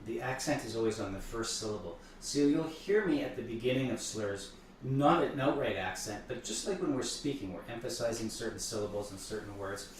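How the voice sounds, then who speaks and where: A man's voice: mid-range voice, lively intonation, brisk, slight background noise. Man, piano teacher, thoughtful explainer, distant mic, very echoey room. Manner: thoughtful, repeats words when restarting. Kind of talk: explaining piano repertoire between playing.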